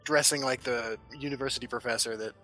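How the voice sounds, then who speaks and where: A man's voice: medium pitch, steady tone, fast, sharp tone, soft background music. A man co-hosting a podcast, telling stories in casual chat, stammering and joking as he goes. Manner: stammering, jokey storytelling. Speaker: podcast co-host.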